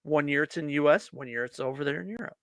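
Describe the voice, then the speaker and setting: A man's voice: fairly high pitch, quick pace, fairly bright tone, no room sound. A man co-hosting a casual beer-drinking podcast chat, riffing emphatically and profanely. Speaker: podcast co-host.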